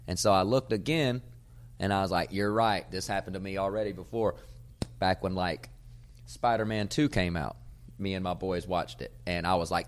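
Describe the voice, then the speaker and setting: A man, a comedian hosting his podcast, telling a casual, profane story and getting loud when he acts out old arguments. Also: deep voice, moderate pace. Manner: profane, animated storyteller who gets loud acting out arguments.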